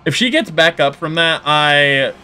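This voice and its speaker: A man hosting a horror game playthrough, talking casually and reacting loudly, yelping at scares and grumbling when frustrated. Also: a little high, expressive, unhurried, a little hiss or hum. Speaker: gaming video host. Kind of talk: let's play commentary.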